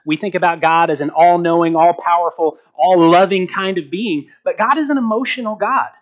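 A man preaching a sermon as pastor, slowing down to stress key words and asking rhetorical questions. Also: high-pitched, muffled recording. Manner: asks the congregation rhetorical questions.

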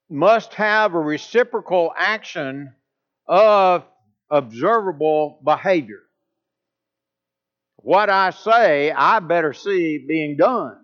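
A man preaching a sermon, leaning hard on key points and pushing his voice up to stress them. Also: fairly bright tone. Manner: emphatic, with pitch rising on key points. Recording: dull lo-fi recording.

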